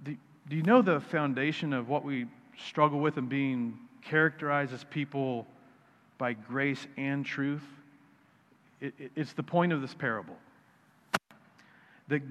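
A man's voice: medium pitch, moderate pace, a bit bright. A male pastor preaching a sermon in a conversational, needling way, restarting and repeating words as he goes. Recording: reverberant hall, dull sound.

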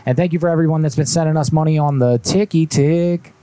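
A man chatting casually as a livestream host, with a mellow, warm tone. He talks in loose slang, swears freely and reads out viewer messages as they come in. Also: a little high, fast talker, clean tone, dry recording.

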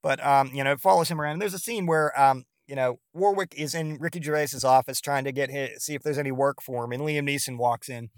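A man's voice: mid-range voice, fast talker, hardly any pauses, dry recording, studio quality. A man hosting a podcast, rambling through a casual monologue and swearing freely as he retells scenes. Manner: profane, rambling, animated retelling. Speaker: podcast host.

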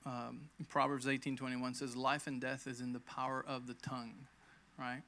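Bright, gravelly man preaching testimony. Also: medium pitch, flat delivery, normal speed. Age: 30s. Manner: conversational, emphatic, acts out quoted lines. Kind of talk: sermon with personal testimony.

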